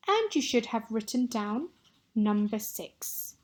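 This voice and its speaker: Slow, patient woman teaching Spanish. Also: fairly high pitch, big pitch swings. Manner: clear, patient teacher modelling words for repetition. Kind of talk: recorded online lesson.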